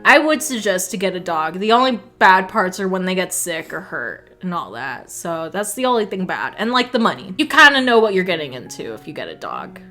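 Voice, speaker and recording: A woman's voice: on the low side, sing-song, brisk, few pauses, sharp tone, soft background music. A young woman telling a casual story-time vlog, chatty and swearing a lot. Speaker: vlogger.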